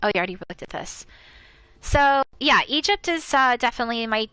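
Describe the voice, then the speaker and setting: A woman's voice: on the high side, expressive, brisk, sharp tone, clear, resonant tone, no echo, rough recording. An American woman streaming a horror game, chatting casually, laughing often and reading items aloud. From United States. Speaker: gaming streamer. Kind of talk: casual let's-play chat.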